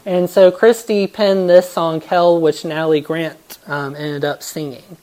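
Low-voiced woman giving an earnest devotional talk. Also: fairly even intonation, unhurried, dark tone.

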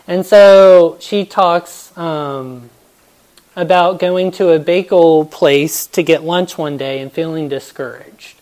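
A woman with a notably low voice gives a devotional Bible talk. She speaks earnestly and reflectively as she tells stories. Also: slow, darkish tone.

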